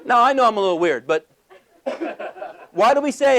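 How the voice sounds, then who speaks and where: Male motivational speaker, high voice, animated, works the room with questions. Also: normal speed. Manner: animated, acts out little scenes with voices; asks the audience questions. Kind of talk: motivational talk to a live audience.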